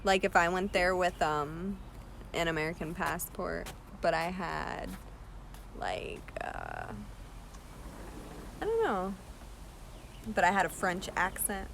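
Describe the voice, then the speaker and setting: A woman's voice: on the low side, sing-song, takes it slowly, vocal fry, pauses often, a bit bright, slight background noise. A woman with a British accent chatting casually on a livestream at home, answering viewers' comments while she works on a craft. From Chile. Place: at home, partly in a yard.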